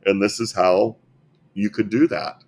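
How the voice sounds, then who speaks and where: A man's voice: lowish voice, steady tone, a little slow, a little mellow. A man, a health clinic founder, earnestly telling patient stories as a guest in a podcast interview, often repeating words as he goes.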